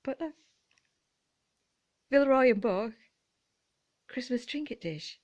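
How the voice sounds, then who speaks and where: A woman's voice: high-pitched, animated, slow pace, darkish tone, highs cut off. A woman with a British accent chatting casually on her vlog, rambling and giggling, often trailing off mid-thought. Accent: British English. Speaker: vlogger. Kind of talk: casual chat.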